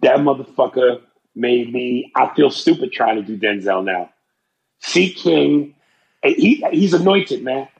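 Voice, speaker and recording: A man's voice: mid-range voice, expressive, a little slow, gravelly, lo-fi sound. A man hosting a casual podcast, ranting brashly and profanely about sports and comedy. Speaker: podcast host.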